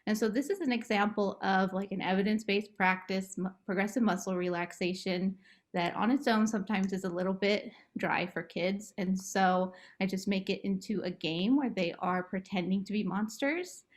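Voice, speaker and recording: A woman therapist talking about her work and gently guiding a relaxation game for children, in a slow, coaxing way. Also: mid-range voice. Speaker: play therapist. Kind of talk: guided relaxation script for children.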